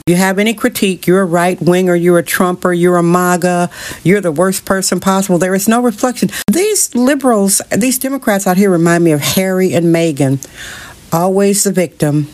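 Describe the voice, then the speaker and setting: A woman's voice: fairly low pitch, a little mellow. A middle-aged woman hosting her own show, ranting bluntly with rhetorical questions and strong opinions. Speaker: show host. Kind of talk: opinionated monologue. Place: San Francisco.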